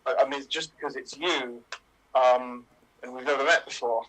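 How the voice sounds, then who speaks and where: A man performing an improvised comedy scene, halting and hesitant with many fillers. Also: mid-range voice, steady tone, a bit bright, poor audio.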